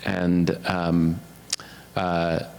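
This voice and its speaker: A man moderating a panel discussion, asking questions slowly and hesitantly. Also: low voice, monotone, vocal fry, darkish tone, slight background noise. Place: auditorium.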